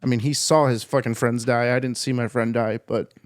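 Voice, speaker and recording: A young man hosts a podcast and talks over his Army days in a loose, rambling way. He swears often and restarts his sentences. His pitch sits in the middle, and the room sounds dry. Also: steady tone, dry recording. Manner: rambling, profane, halting restarts. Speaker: podcast host, Army veteran. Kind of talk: casual chat.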